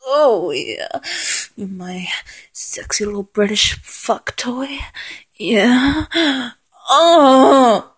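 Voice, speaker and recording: Breathy, slow-talking woman in intimate role-play. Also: medium pitch. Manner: dominant, breathy murmuring with frequent moans and half-whispered lines. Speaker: audio role-play performer.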